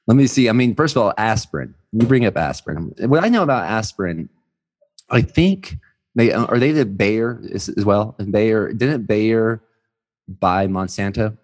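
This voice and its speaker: A man's voice: lowish voice, expressive, normal speed. A man hosting a podcast, chatting casually and enthusiastically, often repeating his words. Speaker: podcast host. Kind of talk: casual interview chat.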